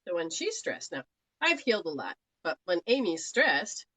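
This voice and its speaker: A woman's voice: fairly low pitch, big pitch swings, moderate pace, sharp tone, dry recording, low-quality recording. Chatty Australian woman healer, dry sound. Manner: chatty, rambling, laughs often. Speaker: healer giving live readings. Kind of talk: live-stream talk.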